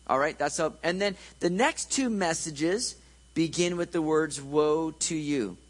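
A man's voice: fairly high pitch, animated, measured pace, rough recording. A man preaching a conversational sermon, joking and checking in with his listeners.

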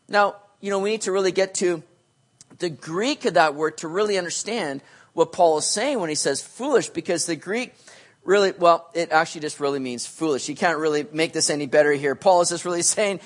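A pastor preaching a sermon, animated, switching between loud emphasis and hushed asides, and acting out quoted voices. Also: medium pitch, a little fast. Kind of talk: sermon teaching on a Bible passage.

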